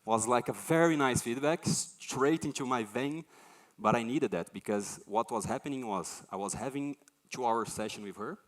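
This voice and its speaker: Man giving a lively talk. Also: medium pitch, moderate pace, hardly any pauses. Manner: animated storytelling, acts out quoted voices. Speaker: conference speaker. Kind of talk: conference talk.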